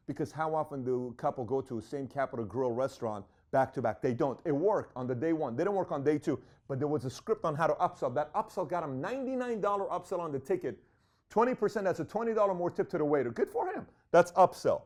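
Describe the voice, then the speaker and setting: A man's voice: on the high side, very animated, quick pace, a little mellow. A man giving an emphatic business talk, telling stories and acting out what people said. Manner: emphatic, storytelling, acts out quotes. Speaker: business speaker.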